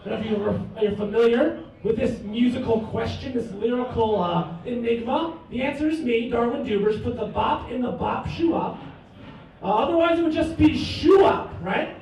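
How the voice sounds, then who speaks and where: A man's voice: very high-pitched, moderate pace, gravelly, darkish tone. A man doing a stand-up comedy set in a bar, with cocky, mock-boastful bragging. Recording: echoey room from far off.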